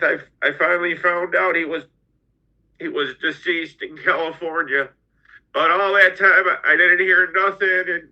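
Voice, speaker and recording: A middle-aged man telling his own story as a podcast guest, halting and often repeating his words. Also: a little high, sharp tone. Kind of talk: personal storytelling. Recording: dull lo-fi audio.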